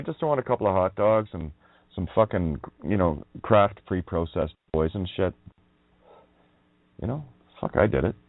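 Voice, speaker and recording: A man's voice: fairly low pitch, no room sound. A man hosting a radio show, ranting in a profane, mocking monologue and laughing often. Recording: dry, tinny phone-like line.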